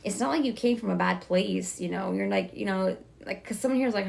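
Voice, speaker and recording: Woman tarot reader, casual and reassuring, rushes her words, slight vocal fry. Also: mid-range voice. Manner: talks fast, self-correcting, chatty and reassuring. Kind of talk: casual tarot reading to viewers.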